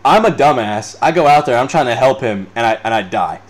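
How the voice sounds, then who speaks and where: A man in his twenties hosts an unscripted podcast and reacts to chat comments as he goes. His voice sits at an ordinary middle pitch. He rambles, swears freely and breaks into laughter often. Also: expressive, fairly quick. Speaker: podcast host. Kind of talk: unscripted casual chat reading live comments.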